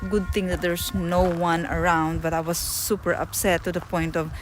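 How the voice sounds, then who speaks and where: A woman with a Filipino accent telling a rambling, animated travel story on a livestream, her voice going loud and high when she is nervous. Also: moderate pace, soft background music. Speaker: travel streamer. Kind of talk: casual IRL livestream storytelling.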